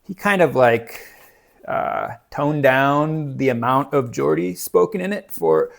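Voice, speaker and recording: Guy rambling about his reading list, lots of ums, bit of vocal fry. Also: a little high, slow. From United States. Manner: rambling, many fillers and restarts. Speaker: book reviewer. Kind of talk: casual book chat.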